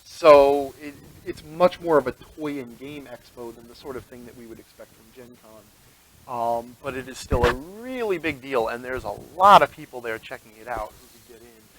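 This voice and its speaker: A man's voice: mid-range voice, expressive, moderate pace, a bit bright, rough recording. Chatty man running a tabletop game. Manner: rambling, chatty, laughs often. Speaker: game master.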